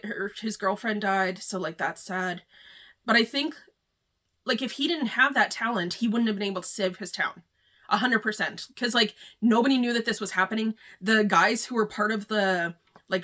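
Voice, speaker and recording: A woman's voice: medium pitch, normal speed, pushed and bright. A woman giving a casual, rambling book review, chatty and full of filler words. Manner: chatty, rambling, heavy use of "like".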